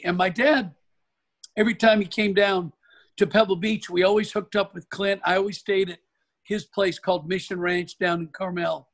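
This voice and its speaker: High-voiced animated storytelling man. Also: normal speed. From Oregon, USA. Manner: animated anecdote teller. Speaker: golf pro guest. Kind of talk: storytelling in an interview.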